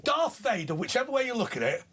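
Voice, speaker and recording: A man from Britain co-hosting a TV talk show, talking emphatically and often asking "right?" in lively studio banter. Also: very high-pitched, fast, breathy edge.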